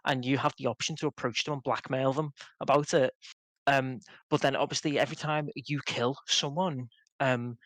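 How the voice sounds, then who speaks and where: A man's voice: medium pitch, fairly even intonation, normal speed, fairly bright tone, dry recording. A man on a gaming podcast, patiently explaining game mechanics in casual conversation. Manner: explains game systems patiently, with fillers and repeated starts. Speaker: podcast co-host.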